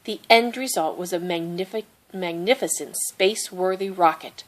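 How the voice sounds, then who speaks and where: A woman with a fairly low voice reads a children's picture book aloud. She keeps a gentle, even storytelling pace. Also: normal speed. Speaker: storybook reader.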